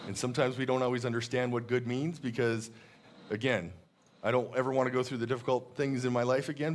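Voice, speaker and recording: A man preaching a sermon in a church, earnest and reflective, slowing down to read scripture verses aloud. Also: mid-range voice, slight background noise. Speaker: pastor.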